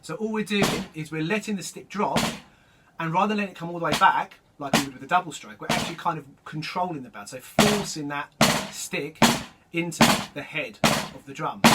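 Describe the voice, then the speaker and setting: A man teaching drum rudiments, explaining each stroke in a relaxed way and calling out the stickings as he plays. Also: fairly high pitch. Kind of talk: instructional demonstration. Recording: distant mic with loud drum noise.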